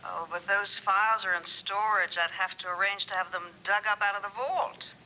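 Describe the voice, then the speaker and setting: An actress in a 1980s soap opera playing a hesitant former records keeper who hedges and stalls. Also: female voice, medium pitch, normal speed, bright, forceful tone, slight background noise, low-quality recording. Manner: hesitant, hedging.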